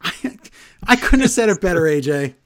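Animated sarcastic man recapping wrestling. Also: high-pitched, moderate pace. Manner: sarcastic, animated, laughs often. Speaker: podcast co-host. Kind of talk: casual wrestling recap chat.

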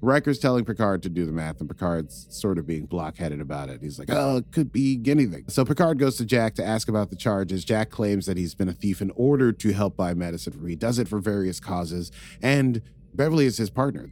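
A man recapping an episode in relaxed, wry chat, chuckling at his own asides. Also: low-pitched, fairly quick. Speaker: podcast co-host recapping episodes.

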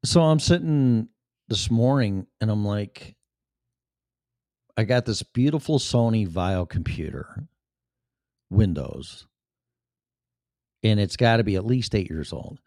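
A man's voice: lowish voice, expressive, takes it slowly, pauses often, a little mellow, no room sound, studio quality. A man with a Chicago accent hosting his show in a rambling, profane, offhand monologue. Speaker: show host. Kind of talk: casual livestream monologue.

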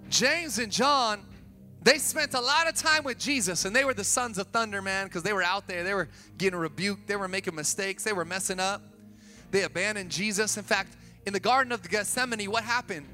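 A pastor from Sacramento preaching a sermon, energetic, building to emphatic peaks with casual asides, in a church auditorium. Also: male voice, high-pitched, normal speed. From Sacramento, California. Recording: long hall reverb with faint music.

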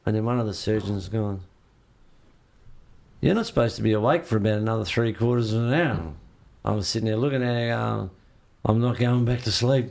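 A man's voice: lowish voice, a little fast, creaky, long pauses. A man in an interview, casually telling a story and acting out what others said to him. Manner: lively, acts out what others said. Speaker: interview guest.

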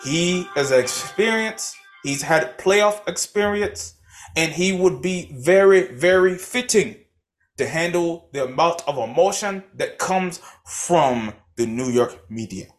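A man's voice: a little high, lively intonation, slow pace, soft background music. A young man co-hosting a casual sports podcast, talking in a mock-formal, wordy analyst style. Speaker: podcast co-host.

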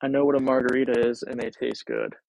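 Gravelly-voiced male podcast co-host. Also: mid-range voice, lively intonation, quick pace, a little mellow, muffled recording, a little hiss or hum. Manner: easygoing, rambling, casual swearing. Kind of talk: casual chat.

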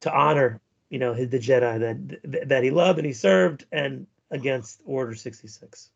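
A man with a gravelly, husky voice, pitched a little high, rambles through profane podcast banter and trips over his own words. The sound is dull and lo-fi. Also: normal speed. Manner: rambling, profane, stumbles and restarts. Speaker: podcast co-host. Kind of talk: crude casual podcast banter.

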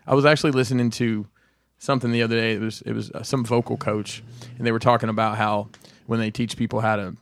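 Gravelly-voiced podcast co-host. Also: male voice, on the low side, level tone, fast talker, few pauses, no echo. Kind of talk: casual podcast chat.

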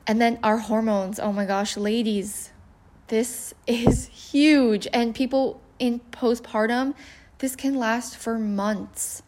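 A woman's voice: fairly high pitch, steady tone, slow, a little mellow, a little hiss or hum. A woman talking through relationship and self-awareness advice in a casual monologue, candid and self-deprecating, walking through steps and checklists. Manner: lists steps and questions.

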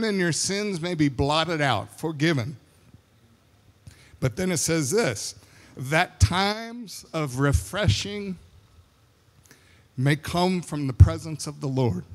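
A middle-aged male pastor gives a sermon in a church hall, and his voice carries a long reverb. He speaks slowly and deliberately in a somewhat high voice. He tells family stories, acts out the quotes and laughs along with them.

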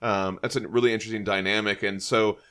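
A man's voice: lowish voice, fairly even intonation, quick pace, a bit bright, clear, resonant tone. A man co-hosting a casual chat about comics, enthusiastic, reading panel dialogue aloud. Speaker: podcast co-host. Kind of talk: casual comic book discussion.

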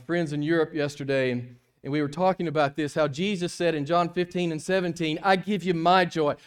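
High-voiced man preaching a sermon. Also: clean tone. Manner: swings from hushed to loud emphatic, many restarts. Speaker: pastor.

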